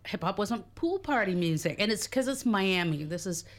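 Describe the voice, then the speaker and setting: A woman's voice: medium pitch, lively intonation, normal speed. A woman with her morning voice on, chatting and explaining music on a radio segment, with fillers and laughs. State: morning voice, a little low. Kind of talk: casual radio chat.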